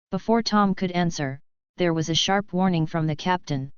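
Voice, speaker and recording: A woman narrating an audiobook in a steady, measured reading. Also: fairly low pitch, smooth, no room sound, lo-fi sound. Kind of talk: scripted narration.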